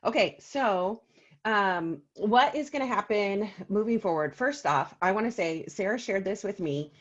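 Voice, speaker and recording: A woman's voice: medium pitch, expressive, a little slow, muffled recording. A woman chatting on a video call as a meeting co-host, telling stories with lots of ums. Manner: chatty storyteller, many ums. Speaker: co-host of an oils business meeting. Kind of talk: casual video call talk.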